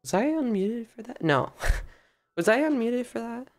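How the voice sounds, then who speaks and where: A woman's voice: fairly high pitch, animated, unhurried, soft background music. A young woman streaming from her bedroom, chatting casually with a hyper, playful, mock-dramatic manner. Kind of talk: casual live-stream chat. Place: bedroom at home.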